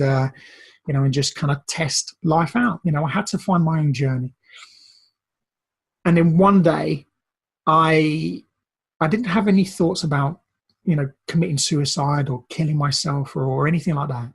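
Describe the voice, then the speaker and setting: A man's voice: fairly high pitch, slightly rough. A Brazilian-born man in recovery coaching, telling a personal story in an earnest, emotional way, often repeating words.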